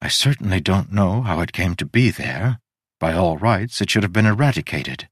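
A man voicing an ageless goddess, measured and faintly wry, in an audiobook reading. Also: sits low, animated, husky, no echo, studio quality. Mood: calm, frank. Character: ageless woman goddess, cool and frank.

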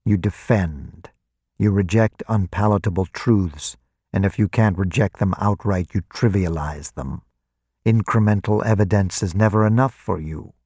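A cold, calculating vampire commander speaks as a man puts him on, deep and unhurried, each line measured and clinical. The quiet menace sits in a dry, close voice with no room around it. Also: husky, no room sound. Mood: lecturing.

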